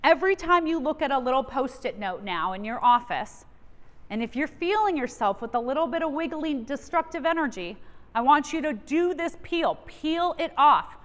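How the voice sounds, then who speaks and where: A woman's voice: high voice, animated, normal speed. A woman giving a motivational keynote from a stage, coaching her audience directly with energy. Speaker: keynote speaker. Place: large event hall. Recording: long reverb of a large hall.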